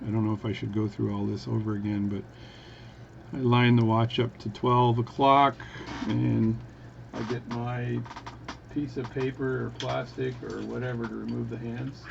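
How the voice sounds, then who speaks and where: A man's voice: medium pitch, creaky, darkish tone, muffled recording, a little hiss or hum. A man chatting casually and rambling with jokes while he works on a watch. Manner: rambling, self-interrupting, jokey. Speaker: watchmaker vlogger. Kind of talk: casual workbench talk.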